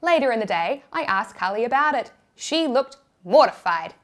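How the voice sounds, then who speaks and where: A woman's voice: on the high side, sing-song, moderate pace, few pauses. A young woman with a New Zealand accent narrating a personal story with candid, self-deprecating humor.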